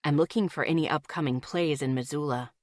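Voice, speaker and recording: A woman voicing a kind, gentle young man who speaks softly and low in a smooth, silky tone. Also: no room sound, studio quality, lightly acted. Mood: gentle, wry. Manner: soft, low and slow.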